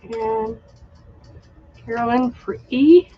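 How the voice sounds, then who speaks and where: Slow-talking woman hosting a live craft sale. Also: on the high side, lo-fi sound, slight background noise. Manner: chatty, unhurried, shows items and reads out bidders. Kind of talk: live online sales stream.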